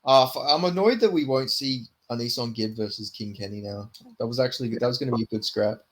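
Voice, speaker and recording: A man's voice: mid-range voice, quick pace, a bit bright. A man with a British accent co-hosting a casual podcast chat, easygoing and swearing freely. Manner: laid-back, sweary. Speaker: podcast co-host.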